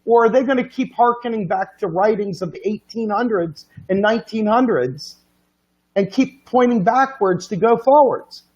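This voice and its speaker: A man's voice: sits high, expressive, moderate pace, dull audio. A man from the United States hosting a livestream, making an earnest, pleading political appeal with repeated questions. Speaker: livestream host.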